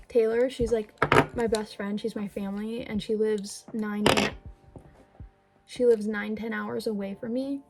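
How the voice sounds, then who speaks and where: A woman's voice: medium pitch, steady tone, measured pace, creaky, over loud music, low-quality recording. A young woman vlogging at home, unboxing gifts in a gushing, chatty way with lots of fillers and little apologies. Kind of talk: casual vlog unboxing. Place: indoors at home.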